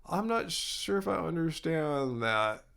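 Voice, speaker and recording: Laid-back man with a gravelly voice. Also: fairly high pitch, takes it slowly. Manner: relaxed, reads viewer comments aloud. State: sneezing. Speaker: live stream host. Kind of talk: casual live Q&A chat.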